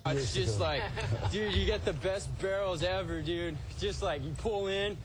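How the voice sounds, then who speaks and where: Excited high-voiced surfer guy. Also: moderate pace. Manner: excited, slangy. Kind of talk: surfer talk.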